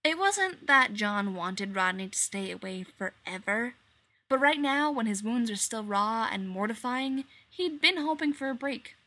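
Bright-voiced woman reading a story. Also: on the high side, a little slow. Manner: expressive, animated storytelling. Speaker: reader. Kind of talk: reading fan fiction aloud.

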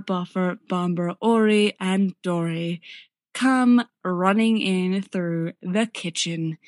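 A woman casually retelling a fan-fiction plot, chatty and quick, slipping into short voiced asides for the characters. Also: fairly low pitch, vocal fry, no echo. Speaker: storyteller.

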